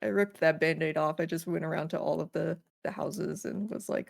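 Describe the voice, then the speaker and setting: A woman co-hosting a casual podcast chat, telling animated stories with squeaky acted-out voices, casual swearing and frequent laughs. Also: fast talker, creaky, few pauses, dry recording, clean studio sound. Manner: animated storytelling, acts out villagers in high squeals. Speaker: podcast co-host.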